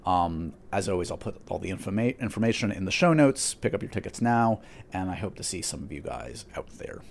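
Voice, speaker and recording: Lively, low-voiced male podcast host. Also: creaky, a little hiss or hum. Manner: animated, self-deprecating, quick asides. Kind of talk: casual podcast chat.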